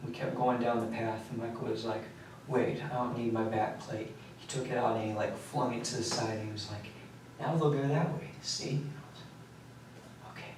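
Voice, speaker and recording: A man in his late teens, tired and worn out, recounting events in a halting, rambling way while being questioned by police. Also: mid-range voice, fairly even intonation, background noise. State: exhausted. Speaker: suspect under questioning. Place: police interrogation room. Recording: echoey room, mic far off.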